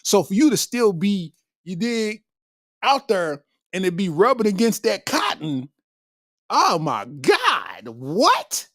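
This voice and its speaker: Here a comedy podcast host riffs on viewer comments, packing his talk with slang and laughing constantly in between. His high, fairly bright voice swings hugely in pitch, and he speaks slowly. The studio audio is clean, with no echo.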